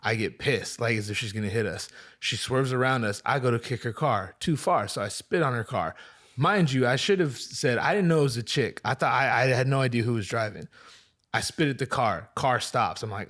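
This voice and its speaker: A man's voice: medium pitch, a little fast. A man in casual podcast chat, telling a story with lots of energy and swinging into other people's voices. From part Filipino, part Chinese. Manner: animated storyteller, acts out voices. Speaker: podcast co-host.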